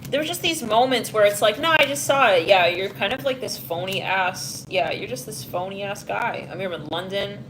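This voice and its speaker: A woman's voice: mid-range voice, normal speed, few pauses, noisy background. A woman giving a casual psychic reading to camera, rambling and frank, full of fillers and asides. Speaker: tarot reader. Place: London, England.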